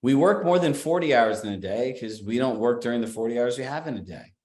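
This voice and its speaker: A man's voice: medium pitch, lively intonation, fast, a little mellow, reverberant. A man giving a coaching seminar talk to real estate agents in an emphatic, conversational way. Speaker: business coach.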